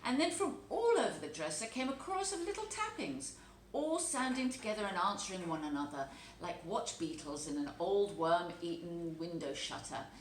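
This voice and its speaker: Woman reading a storybook with lively expression. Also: on the low side, normal speed. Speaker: teacher reading a story aloud. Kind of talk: storybook read-aloud narration. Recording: echoey room, faint background noise.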